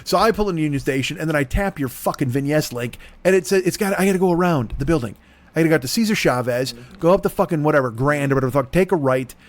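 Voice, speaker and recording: A man's voice: a little high, fast talker. A man hosting a comedy podcast, telling an exasperated, profane story and acting out both sides of the conversations. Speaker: podcast host.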